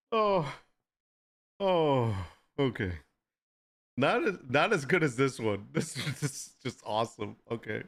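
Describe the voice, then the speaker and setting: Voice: mid-range voice, very animated, slow, vocal fry, long pauses, a bit bright. A live-stream host in casual chat, reading viewer requests aloud and often laughing while reacting to photos.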